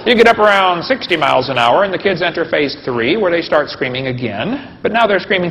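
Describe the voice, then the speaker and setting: A somewhat high-pitched man with a gravelly edge lectures a live audience in a folksy, joking way and keeps asking them questions. The recording is dull and lo-fi, and his voice rings with a long hall reverb. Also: big pitch swings, fairly quick, hardly any pauses, fairly bright tone, a little hiss or hum. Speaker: creation science lecturer.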